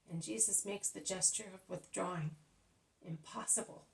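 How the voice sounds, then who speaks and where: A woman narrating a religious text in an earnest, steady reading voice. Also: mid-range voice, moderate pace, vocal fry, recorded from a distance, rough recording.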